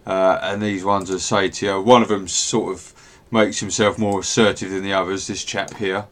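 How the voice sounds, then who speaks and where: A man narrating as game master, relaxed and rambling with many fillers. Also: deep voice, moderate pace.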